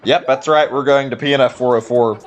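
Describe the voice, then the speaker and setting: A man's voice: medium pitch, steady tone, fairly quick, faint music behind, natural voice. A man voicing a chatty, nosy male cat traveler from a video game in breezy, teasing banter.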